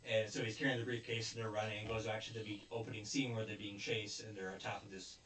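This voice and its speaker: A young man casually recapping an anime episode, rambling with fillers and quick quoted asides. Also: on the low side, little pitch movement, fairly bright tone, a little hiss or hum. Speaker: anime reviewer. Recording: roomy echo, distant mic, faint ambience.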